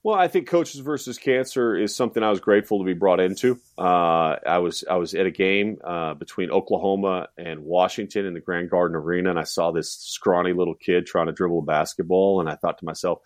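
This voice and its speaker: Animated low-voiced man, dry close sound. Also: a little fast, no room sound. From United States. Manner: animated, acts out fans' voices. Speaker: college basketball analyst. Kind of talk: casual podcast chat.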